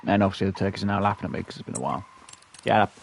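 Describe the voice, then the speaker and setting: Low gravelly man muttering. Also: very fast, a little hiss or hum. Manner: muttering, easily frustrated. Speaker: gaming youtuber. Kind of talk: hunting game commentary.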